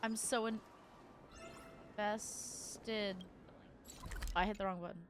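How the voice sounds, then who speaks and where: A woman streamer chatting while playing a game, excitable, goofy and easily distracted. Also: medium pitch, slow. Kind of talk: casual gaming stream commentary. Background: game music.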